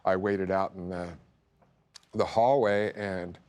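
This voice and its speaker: A man as a guest on a TV talk show, choked up, halting and stammering as he speaks. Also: sits low, steady tone, a little mellow. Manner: halting, stammering, repeats words. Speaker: guest father.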